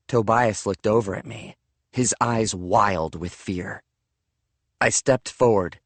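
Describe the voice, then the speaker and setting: A man narrating a first-person audiobook in a measured, steady way. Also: fairly low pitch, no echo.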